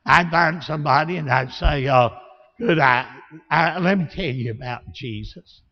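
A man with a Southern accent preaching a sermon, telling folksy stories and rising to shouts. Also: fairly high pitch, moderate pace. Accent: Southern American. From Alabama. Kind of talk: sermon with storytelling. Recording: lo-fi, long reverb of a church hall.

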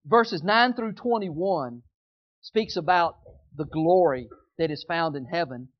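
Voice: mid-range voice, slow pace. A preacher delivering a sermon, emphatic and folksy, chuckling and leading the crowd to repeat lines. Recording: dull, lo-fi sound.

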